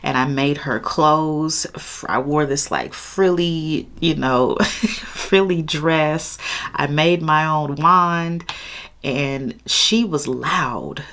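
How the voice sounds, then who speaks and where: A woman casually telling a personal story, expressive and laughing as she goes. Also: low voice, slow.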